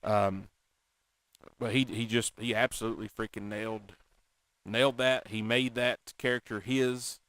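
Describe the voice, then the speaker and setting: A man co-hosting a casual talk show, animated and chatty, often slipping into quoted movie lines. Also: fairly low pitch, unhurried, no echo. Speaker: podcast co-host. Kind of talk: casual chat.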